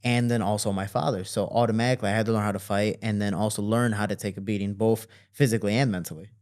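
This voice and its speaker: A man telling stories from his childhood as a guest in an interview, with lively quoting and relaxed fillers. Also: quick pace. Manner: animated, jumps higher to quote people; fillers and restarts, relaxed flow. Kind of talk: casual storytelling.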